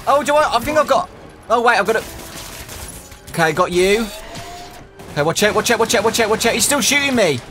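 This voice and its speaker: A young man giving excitable let's-play commentary, shouting and laughing as he plays, over game music. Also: high voice, fairly quick, long pauses. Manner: excitable, loud exclamations, giggly, talks to viewers as "boys". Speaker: gaming YouTuber.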